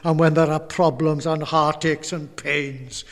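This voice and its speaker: A man preaching a sermon, his voice pitched high for a man and carrying an earnest, pleading tone. He often repeats words as he builds toward a point. His voice rings with the long reverb of a large hall. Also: fairly even intonation, unhurried.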